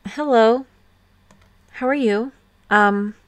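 A young woman with a voice on the high side speaks extremely slowly, and the recording has no echo. She's a let's play host giving chatty, giggly commentary full of fillers on a life-sim game, using a desktop USB microphone.

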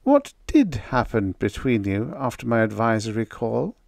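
An audiobook narrator voicing Ermin, a calm, courteous male agent who speaks in a gentle, precise and formal way. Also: medium pitch, measured pace, vocal fry, dry recording, studio quality. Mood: measured, formal.

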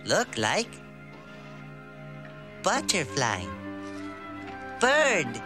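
A man voicing a curious, childlike male robot, listing words slowly one by one. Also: on the high side, wildly swooping pitch, heavily acted. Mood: naming things. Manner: slow halting word-by-word listing. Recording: film clip with music behind.

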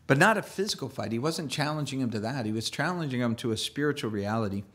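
A man's voice: mid-range voice, animated, fast, few pauses, fairly bright tone. Conversational male pastor preaching. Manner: conversational, with restarts and playful asides. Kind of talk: sermon.

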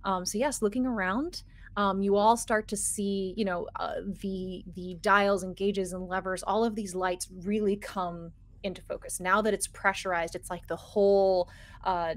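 A woman narrating a tabletop role-playing game as game master, describing scenes in an unhurried way with many fillers and restarts. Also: fairly low pitch, steady tone.

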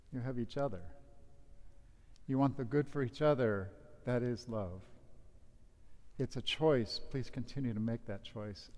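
Male priest, casual joking wedding homily, mid pitch, long church reverb. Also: a little mellow.

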